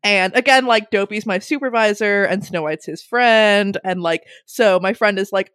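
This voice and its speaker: A young woman telling a funny story in a casual way, animated, laughing often and swearing freely. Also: medium pitch, normal speed, clear, resonant tone, no echo, studio quality.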